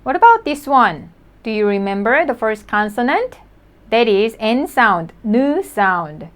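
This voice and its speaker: A woman teaching a language lesson, patient and encouraging, repeating each word slowly for learners to practice. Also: fairly high pitch, very animated.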